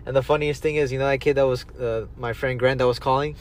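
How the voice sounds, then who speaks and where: With a little hiss or hum in the background, a young adult podcast host chats casually, meandering through stories, quoting people and cursing freely. His voice is medium-pitched with fairly even intonation, and he talks briskly.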